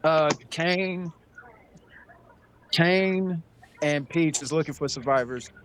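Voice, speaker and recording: A man's voice: fairly high pitch, slow pace, a little hiss or hum, low-quality recording. A man narrating a tabletop game as game master, casual and often repeating himself.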